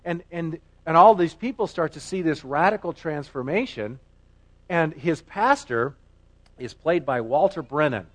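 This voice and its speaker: A man's voice: on the high side, expressive, a little slow. A middle-aged man preaching a sermon as pastor, earnest and emphatic, often repeating himself for weight.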